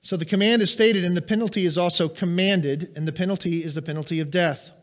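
A man's voice: sits high, steady tone, quick pace, a bit bright. A middle-aged man preaching a sermon, emphatic and asking the congregation questions. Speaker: pastor.

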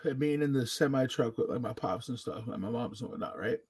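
A man's voice: mid-range voice, lively intonation, brisk, darkish tone, a little hiss or hum. A man telling childhood stories in casual podcast chat, loose and profane. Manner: loose, profane, laid-back storytelling.

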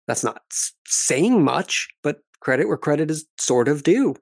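A man hosting a podcast, recapping reality TV footage in a wry, measured, analytical way. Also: fairly high pitch, big pitch swings, creaky, breathy edge, no room sound, clean studio sound. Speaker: podcast host and commentator.

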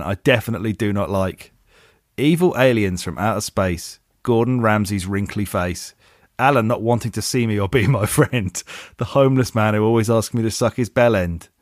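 Reading out a listener's email on his podcast, a man with a lowish voice can't stop dissolving into giggles. The studio recording is clean, with no room sound.

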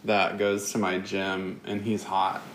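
A man with a somewhat low voice hosts a casual podcast and keeps the chat loose with crude, teasing jokes. The room is bare and his voice rings off the walls. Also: monotone, fairly bright tone, slight background noise. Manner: joking, teasing, quick to crude punchlines. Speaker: podcast host. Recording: roomy echo.

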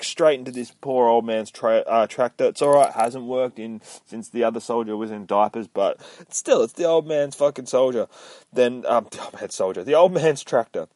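A man hosting a podcast from inside his van, recapping a comic book in a profane, excitable way full of sound effects. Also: medium pitch, no echo. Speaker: podcast host.

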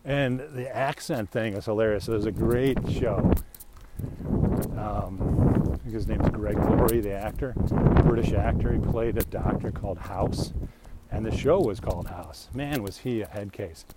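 A middle-aged male vlogger rants casually into a handheld mic while walking outdoors, his voice on the low side and a little slow. He's opinionated and rambling, laughing often, and the recording is very noisy.

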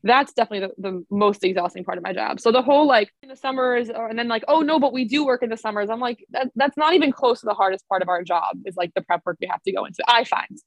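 A woman's voice: medium pitch, fast, hardly any pauses, no room sound. A young woman in her twenties, an elementary school teacher, chatting as a podcast guest with lots of "um" and "like". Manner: chatty, many fillers like "um" and "like". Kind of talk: casual podcast interview.

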